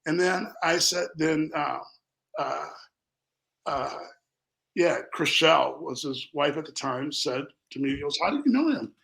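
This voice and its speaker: Gravelly, bright-voiced storytelling man. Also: fairly high pitch, unhurried, rough recording. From Minnesota. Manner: animated, rambling, acts out quotes. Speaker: company founder. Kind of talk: storytelling in casual interview.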